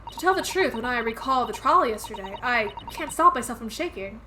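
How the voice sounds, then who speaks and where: A woman's voice: on the high side, animated, fairly quick, noisy background, lightly acted. A woman reading the lines of an earnest, nervous young male lawyer in a video game, speaking hesitantly.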